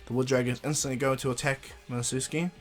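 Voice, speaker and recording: A man's voice: medium pitch, level tone, fast, soft background music. A man casually retelling a fan story, rambling with frequent fillers and restarts.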